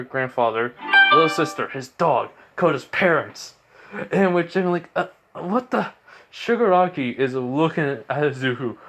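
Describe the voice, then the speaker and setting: A man narrates an improvised fan-fiction story in a loose, rambling way. He stops often to correct himself and fills gaps with "basically" and "you know.". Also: medium pitch. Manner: rambling, many fillers and self-corrections.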